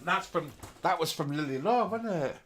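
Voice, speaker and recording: A man's voice: expressive, normal speed, fairly bright tone. A man co-hosting a casual live stream, playful and gossipy. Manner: playful and gossipy, swings up and down in pitch. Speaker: co-host.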